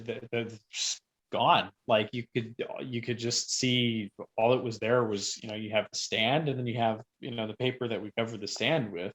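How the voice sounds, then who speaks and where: A man who is a guest on a podcast, telling a story casually and rambling, with sudden loud bursts when he acts out quotes. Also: fairly low pitch.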